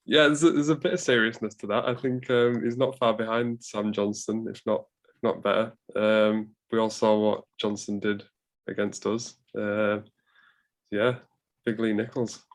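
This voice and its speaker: A young man co-hosts a football chat, speaking with dry, wry understatement. His voice sits slightly low. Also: little pitch movement, normal speed. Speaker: podcast co-host. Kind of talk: casual chat.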